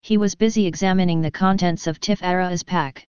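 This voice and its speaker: Woman storybook narrator, smooth clear voice, dry close mic, slightly dull sound. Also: lowish voice, steady tone, fairly quick, darkish tone, dry recording. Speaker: audiobook narrator. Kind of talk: scripted storybook narration with character dialogue.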